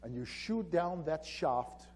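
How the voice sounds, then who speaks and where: A man telling an animated story on stage at a conference, acting out the dialogue. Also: a little high, slow, husky. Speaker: conference keynote speaker. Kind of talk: storytelling presentation. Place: conference hall.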